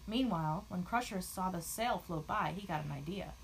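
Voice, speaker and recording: A woman narrating a children's storybook aloud in an expressive, animated way. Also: fairly low pitch, normal speed, a little hiss or hum.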